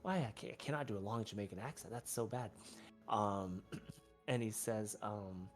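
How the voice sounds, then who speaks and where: Gravelly man running a tabletop game. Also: fairly low pitch, normal speed, faint music behind. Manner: laughing, self-mocking asides. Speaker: dungeon master.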